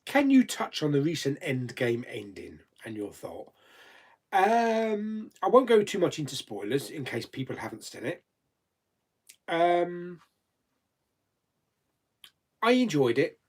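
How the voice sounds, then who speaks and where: A man's voice: on the high side, sing-song, slow pace, long pauses, breathy edge. A man hosting a live chat stream, casually reading out viewer questions and answering them with frequent laughs. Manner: chatty, laughs often, reads viewer comments aloud.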